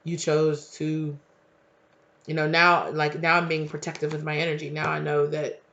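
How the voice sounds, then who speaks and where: A man chats through a casual tarot reading in a slangy, emphatic way. His voice sits fairly high and has a gravelly edge. The recording sounds dull and lo-fi. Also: monotone, moderate pace, bright, forceful tone. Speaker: tarot reader.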